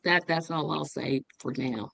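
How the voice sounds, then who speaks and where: A woman's voice: deep voice, unhurried, vocal fry, a bit bright, no echo, low-quality recording. A woman giving an earnest, faith-filled memorial tribute over a video call, with a touch of humor. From living in Indianapolis. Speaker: memorial speaker.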